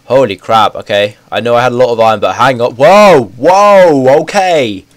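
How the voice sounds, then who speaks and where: Excitable young man with a cold. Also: lowish voice, fast, dry recording. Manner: excitable, rambling, self-correcting. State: stuffy with a bad cold. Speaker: gaming YouTuber. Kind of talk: casual game commentary.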